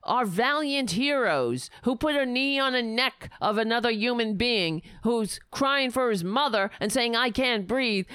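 A woman delivering angry, sarcastic political commentary, ranting heatedly with profanity and sudden loud bursts. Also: a little high, smooth, dry recording, studio quality.

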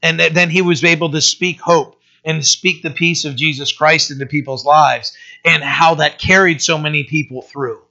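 A man's voice: a little high, steady tone, normal speed, sharp tone, highs cut off. A man preaching a sermon as pastor, earnest and plain-spoken, often restarting with fillers.

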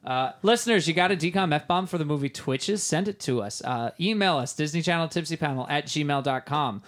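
A man's voice: on the high side, brisk. A man co-hosting a podcast in casual chat, joking and laughing often. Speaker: podcast co-host.

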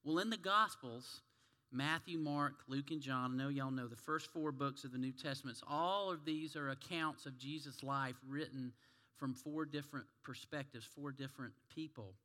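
A man's voice: mid-range voice, normal speed, sharp tone, long reverb tail. A man preaching a sermon in a folksy, conversational storytelling way.

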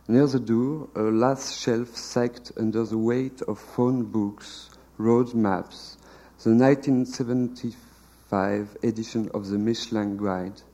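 A man giving a measured, deliberate literary reading of a translated novel at a live panel event. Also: lowish voice, warm tone, rough recording.

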